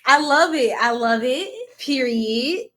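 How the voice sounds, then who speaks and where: Woman, on the high side, chatty live tarot reader who giggles and goofs off with her viewers. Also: slow pace, bright, forceful tone. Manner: casual, talks to viewers as y'all. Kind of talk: live-stream tarot reading.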